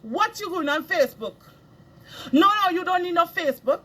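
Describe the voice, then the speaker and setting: Lady lecturing hard, super high voice, scolds and repeats herself over and over. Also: lively intonation, moderate pace, bright, forceful tone. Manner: scolding, emphatic, repeats phrases. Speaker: spiritual speaker. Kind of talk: impassioned moral lecture.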